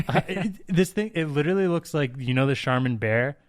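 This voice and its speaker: Laughing, excited man on a podcast. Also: on the high side, brisk. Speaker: podcast co-host. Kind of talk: casual chat. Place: hotel room.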